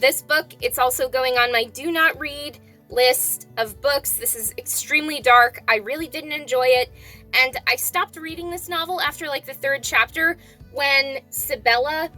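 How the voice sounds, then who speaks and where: Woman book vlogger, high and crisp, blunt, opinionated. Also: pushed and bright. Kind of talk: casual book review vlog.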